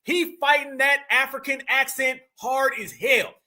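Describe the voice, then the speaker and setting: Male streamer, very high, sharp voice, taunting and confrontational reaction rant. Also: measured pace. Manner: mocking, confrontational, slangy. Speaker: live-stream commentator. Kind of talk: heated reaction commentary.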